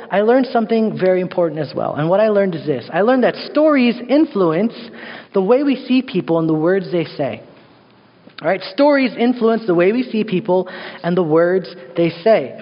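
A man, a worship pastor, preaching a sermon and telling a story with playful asides in a church sanctuary. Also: sits high. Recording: dull sound, long hall reverb.

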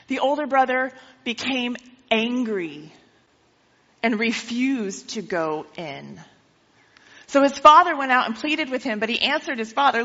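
Bright-voiced woman preaching in an echoing hall. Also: fairly high pitch, measured pace, pauses often. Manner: lively storytelling, asks listeners questions. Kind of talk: sermon. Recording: dull with long hall reverb.

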